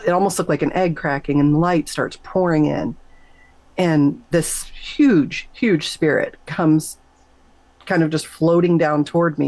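A middle-aged woman, a nurse, telling an emotional personal story in an interview, animated and emphatic, her voice leaping up whenever she quotes herself. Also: dry recording, rough recording. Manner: animated, emphatic, jumps high when quoting herself. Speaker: guest, nurse.

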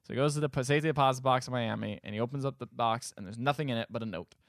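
A man's voice: mid-range voice, racing, no room sound. A man with a mid-range voice recaps a film on a podcast, sounding exasperated and sarcastic. The sound is dry and close to the mic. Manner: sarcastic, exasperated retelling with profanity. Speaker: podcast co-host recapping a movie. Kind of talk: casual chat.

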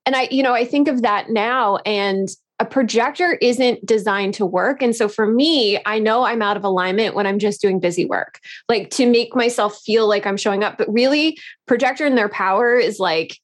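A woman's voice: on the high side, moderate pace, few pauses. A woman, a podcast co-host and business owner, talking frankly and playfully in casual conversation, with some swearing.

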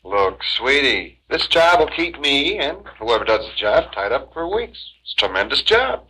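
A sleazy, pushy photographer. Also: male voice, medium pitch, very animated, moderate pace, bright, forceful tone, slightly rough, full character voice, poor audio. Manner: pushy, wheedling, impatient. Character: sleazy manipulative male photographer. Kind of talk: 1960s film acting.

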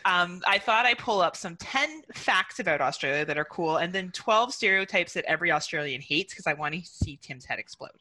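A woman co-hosts a podcast, her speech bouncing widely in pitch. Her tone is bright and ringing. She chats casually, swears, and laughs often. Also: expressive, fairly quick, hardly any pauses, slight background noise. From Canada. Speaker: co-host.

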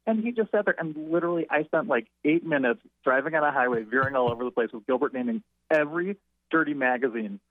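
A man who is a writer and interview guest, telling an anecdote in a rambling, halting way with frequent restarts. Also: medium pitch, expressive. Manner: halting, self-correcting. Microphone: telephone. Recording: tinny phone line.

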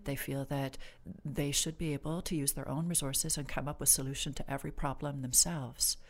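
A woman clinician, a guest on the podcast, explaining stress and sleep in a measured, reassuring, gently instructive way. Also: rumbling low, steady tone. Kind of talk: calm explanatory interview talk.

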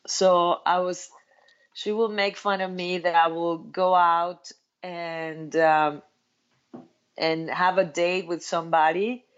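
A woman's voice: fairly low pitch, takes it slowly, dull audio. A woman from Mexico, a guest telling her life story and acting out what her friends said. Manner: animated, acts out quoted friends in livelier tones. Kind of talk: personal storytelling in conversation.

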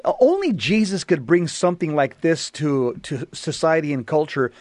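A man co-hosting a radio show in an emphatic, preaching manner. His voice sits a little higher than usual for a man. It is recorded close and dry, in a studio. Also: sing-song, moderate pace, a little mellow, dry recording. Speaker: radio co-host. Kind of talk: casual radio talk.

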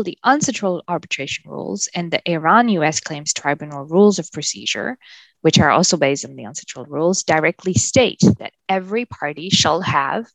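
A woman's voice: fairly low pitch, vocal fry, dry recording, low-quality recording. A woman co-hosting a casual legal podcast, explaining a point of law in a playful, teasing way. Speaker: podcast co-host.

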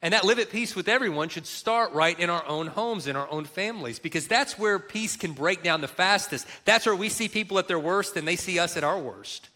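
A man's voice: sits high, a little fast, hardly any pauses, bright, forceful tone. A middle-aged man preaching a sermon as a pastor, earnest and emphatic, repeating key words for weight.

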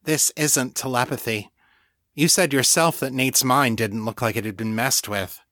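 Rebecca, a determined young psychic woman, sounds earnest and urgent about trouble she suspects, in a plain, close, dry audiobook read by a man doing her lines. She is voiced lightly, close to the reader's own middle-pitched voice. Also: steady tone, normal speed, pushed and bright, no room sound, close to an everyday voice. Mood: worried.

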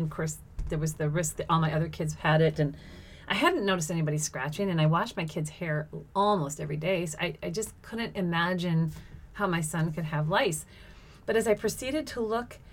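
A middle-aged woman telling a personal story in a casual monologue, laughing often and exclaiming as she acts out what people said. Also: lowish voice.

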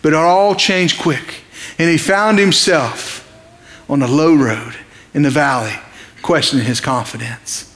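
A man's voice: on the high side, a little slow, a bit bright, big-room sound. Conversational man preaching a sermon. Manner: impassioned, conversational preaching with rhetorical questions. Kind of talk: evening sermon.

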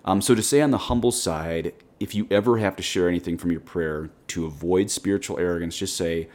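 Low-voiced priest teaching on prayer. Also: male voice, brisk, hardly any pauses, a little mellow. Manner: earnest, direct, plain-spoken. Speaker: Catholic priest and podcast host. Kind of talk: conversational spiritual teaching.

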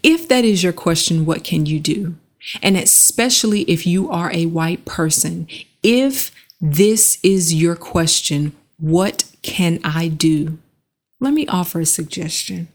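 In an earnest, measured reflective monologue, a woman with a lowish voice guides the listener through slow breathing, leaving pauses between her phrases.

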